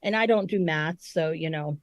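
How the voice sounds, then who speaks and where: A low-voiced woman speaks at a moderate pace in a dry recording. She's a podcast co-host swapping stories in casual chat, animated and heavy on the profanity.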